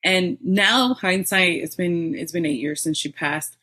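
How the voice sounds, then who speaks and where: A middle-aged woman, a podcast guest, telling her own story in a candid, animated way with bursts of laughter. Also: lowish voice, a little slow. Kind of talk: personal storytelling in an interview.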